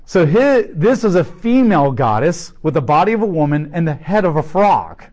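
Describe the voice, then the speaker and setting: A man teaching through a Bible passage, animated, with joking asides and rhetorical questions. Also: on the high side, moderate pace. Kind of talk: sermon.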